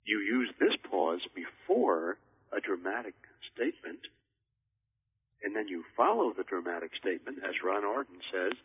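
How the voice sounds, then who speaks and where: Husky man pausing deliberately, lively pitch. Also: muffled recording. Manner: measured, deliberate pauses for emphasis. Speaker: public speaking coach. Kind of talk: instructional talk on a recorded program.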